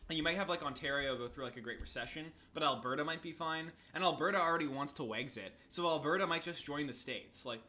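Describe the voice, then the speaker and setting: A man's voice: on the high side, quick pace, few pauses, pushed and bright. A Canadian man with a Canadian accent in casual chat, rambling and thinking aloud with many fillers.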